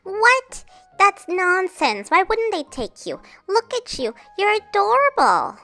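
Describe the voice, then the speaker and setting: A woman's voice: extremely high pitch, big pitch swings, slow, bright, forceful tone, faint music behind, heavily acted. A woman voicing a caring, cheerful girl doll who comforts and reassures. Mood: kind. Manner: soothing, reassuring.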